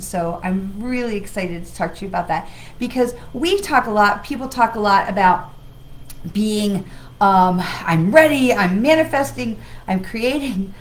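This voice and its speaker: A woman's voice: medium pitch, low-quality recording. A woman hosting a weekly livestream as a psychic medium, talking in a chatty, rambling, enthusiastic way with an occasional cough from travel. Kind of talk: casual livestream talk.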